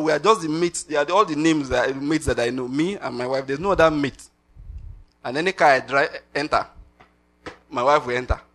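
This sermon comes from a middle-aged Nigerian man with a medium-pitched voice. His delivery is animated, sprinkled with laughter and asides in pidgin.

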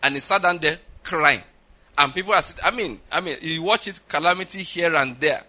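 A man's voice: a little high, a little fast, sharp tone. A middle-aged man preaching a sermon as pastor, emphatic and often checking with his listeners. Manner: emphatic, repeats "all right?" and "do you understand?" to the audience.

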